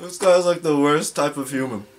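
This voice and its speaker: A man's voice: fairly high pitch, normal speed. A man giving casual, laid-back commentary while reacting to a cartoon. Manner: laid-back, laughing remarks. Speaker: reaction video host.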